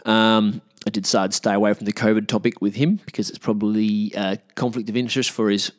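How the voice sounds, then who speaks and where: A man's voice: lowish voice, level tone, a little fast, no echo, clean studio sound. An Australian man hosting his own podcast, chatting casually and frankly with lots of restarts. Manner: rambling, frank, many restarts and fillers. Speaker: podcast host. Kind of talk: casual solo podcast chat.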